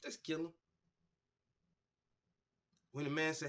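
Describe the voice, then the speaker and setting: A man hosting a painting show, telling stories in a loose, profane, animated way and acting out the people he quotes. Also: high-pitched, moderate pace, long pauses, slight background noise. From United States. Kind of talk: casual storytelling monologue.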